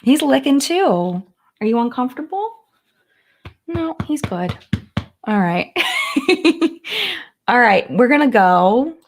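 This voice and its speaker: A woman's voice: high-pitched, very animated, slow pace, long pauses. A woman hosting a casual live-stream chat from home, gushing and chatty with lots of "like", sliding into sing-song baby talk for her dogs.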